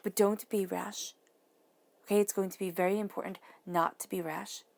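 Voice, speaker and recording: A woman giving a tarot reading, talking soothingly and dropping now and then to soft whispers. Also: medium pitch, steady tone, moderate pace, vocal fry. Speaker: tarot reader.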